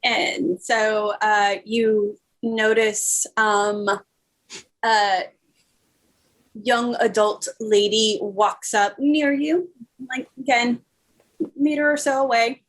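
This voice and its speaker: A woman narrating as game master in a tabletop game, relaxed and hesitant, with many fillers. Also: a little high, drawn-out words, pauses often.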